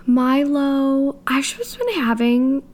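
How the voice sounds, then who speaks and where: A woman's voice: sits high, very animated, takes it slowly, a little mellow. A young woman co-hosting a podcast, talking in an easygoing, laid-back way. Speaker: podcast co-host. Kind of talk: casual chat.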